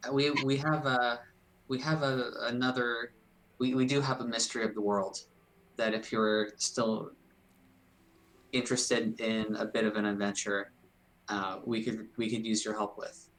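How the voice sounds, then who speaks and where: A man playing a tabletop game in character, speaking in a halting, hesitant, polite way. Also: mid-range voice, flat delivery, fairly bright tone, slight background noise, poor audio. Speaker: player.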